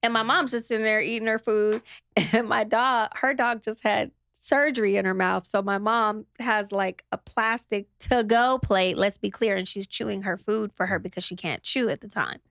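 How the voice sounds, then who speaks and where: A woman's voice: mid-range voice, steady tone, moderate pace, gravelly, a bit bright, no echo, studio quality. A young adult woman, a guest in a casual interview, telling a story with animation, mimicking other people and swearing freely.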